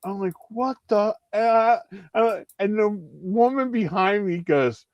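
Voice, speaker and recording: A man on a livestream chat, telling animated stories and swearing freely, voicing the people he quotes. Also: high voice, slow pace, no room sound, dull audio. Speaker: co-host. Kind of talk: casual chat.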